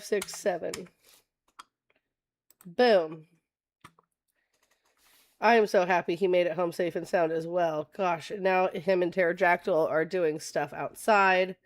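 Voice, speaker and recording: A young adult woman hosting a casual political livestream, chatting with viewers, laughing often and reading web pages aloud. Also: mid-range voice. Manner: reads candidate web pages aloud to chat.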